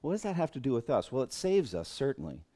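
A man's voice: medium pitch, big pitch swings, fast talker, warm tone. A middle-aged man, a pastor, teaching a Bible class in an earnest way, thinking aloud and often restarting his phrases.

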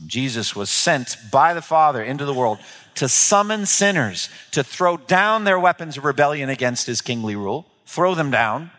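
A man's voice: mid-range voice, fairly bright tone. A man preaching a sermon, emphatic and repeating key phrases for weight, dropping into quoted voices. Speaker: pastor. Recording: long reverb of a large hall.

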